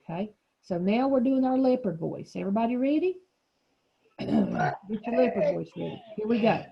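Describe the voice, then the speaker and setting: A woman's voice: mid-range voice, wildly swooping pitch, moderate pace, vocal fry, lo-fi sound, noisy background. A woman teacher leading a reading lesson for young children, explaining patiently and encouraging them.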